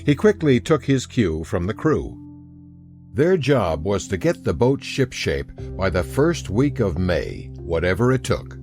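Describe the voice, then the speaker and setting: A man narrating a historical audiobook in an expressive storytelling manner. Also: lowish voice, a little slow, faint music behind. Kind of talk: scripted narration.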